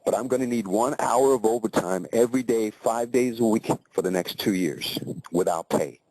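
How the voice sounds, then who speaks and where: A blunt, businesslike boss, voiced by a man telling a story lays out terms plainly. The voice is low and mellow. It is everyday storytelling in his own register. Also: moderate pace, no echo, low-quality recording.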